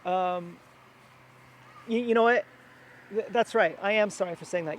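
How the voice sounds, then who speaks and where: A man with a high, light voice rambles on in a personal monologue, circling back and restarting his sentences. He is recorded outdoors, and faint street and traffic sounds sit behind him. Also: measured pace. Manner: meandering, many fillers and restarts. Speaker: vlogger. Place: outdoors near a house.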